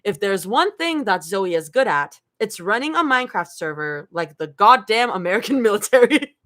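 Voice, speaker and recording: A woman's voice: mid-range voice, very animated, normal speed, a bit bright. A woman reading fan fiction aloud live, breaking off to laugh and react.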